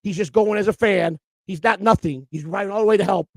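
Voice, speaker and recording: A man's voice: sits high, brisk, gravelly, no echo. A man co-hosting a streamed morning show, ranting in a profane, repetitive and emotional way. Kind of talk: heated livestream rant.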